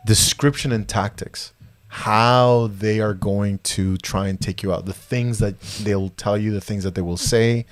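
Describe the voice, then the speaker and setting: A man's voice: lowish voice, fairly even intonation, measured pace. A man hosting a podcast in casual chat, rambling with many fillers and restarts. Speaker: podcast host.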